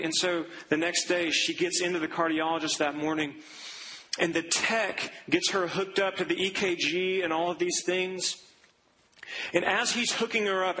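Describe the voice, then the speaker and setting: Guy preaching, high bright voice, tells a story and acts out the people in it, bit of noise behind. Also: rough recording. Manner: acts out quoted voices, drops low and slow for grave lines. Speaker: pastor. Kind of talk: sermon with storytelling.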